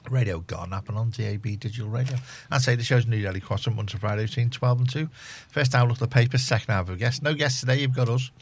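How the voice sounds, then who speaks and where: A man's voice: mid-range voice, fast, few pauses. Chatty radio host man. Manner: chatty, rambling, self-mocking. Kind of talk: casual radio chat and station announcements. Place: radio studio. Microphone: studio microphone.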